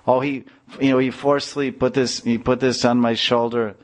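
A man voicing a gentle, tender young boy who speaks earnestly. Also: medium pitch, little pitch movement, a little fast, voice pushed up, natural voice. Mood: pleading.

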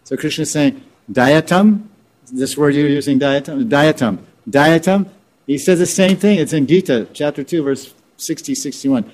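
A man's voice: on the high side, normal speed, a little mellow. Man giving a conversational scripture lecture. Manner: repetitive, restarting, explains terms conversationally. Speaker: spiritual teacher.

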